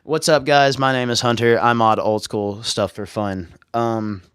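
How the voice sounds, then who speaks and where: A man's voice: medium pitch, steady tone, measured pace, a bit bright, clean tone, no echo, clean studio sound. A man, hosting a casual livestream about modding game consoles in a goofy, rambling, slangy way. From Arkansas. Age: 30s. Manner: rambling, goofy, slangy, bursts into silly voices. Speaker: livestream host, console modder.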